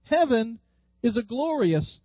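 A pastor with a high tenor delivers a sermon, slowing down and stretching his words to drive each point home. The sound is dry and a bit dull, like a modest church recording. He calls on the congregation to repeat lines back to him. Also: sing-song, no room sound. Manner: leads the congregation in call-and-response; slows down and stretches words for emphasis.

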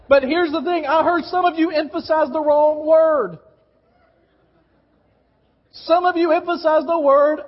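A high-pitched man preaching to a congregation, hammering his points with repetition and calling for responses. His voice rings with a long church reverb. The live recording sounds dull and muffled. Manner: emphatic, repeats key phrases, coaches the congregation to respond. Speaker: pastor. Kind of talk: sermon. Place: church sanctuary.

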